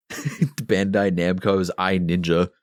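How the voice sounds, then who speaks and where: A man as a guest on a games podcast, talking easily with pauses and fillers. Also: deep voice, fairly even intonation, dry recording, clean studio sound. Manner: easygoing, listing things with pauses and fillers. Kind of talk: casual chat.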